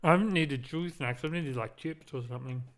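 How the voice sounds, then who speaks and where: A man's voice: fairly high pitch, quick pace. A man co-hosting a podcast in casual chat, making wry, dry jokes. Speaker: podcast co-host.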